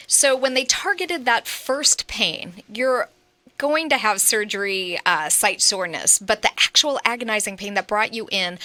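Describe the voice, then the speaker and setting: A woman's voice: on the high side, bright, forceful tone, no room sound. A woman hosting a medical talk radio show, affirming her guests with frequent "mm-hmm" and "right".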